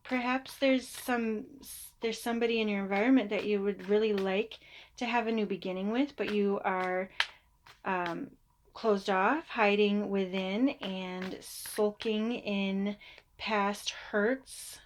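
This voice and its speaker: A woman reads tarot cards in an easy, conversational way. She takes her time, with a pitch in the middle of the range. Her tone is chatty and reassuring. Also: steady tone, slow, slight background noise. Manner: chatty, reassuring, slips into mock voices. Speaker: tarot reader. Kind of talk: casual tarot reading.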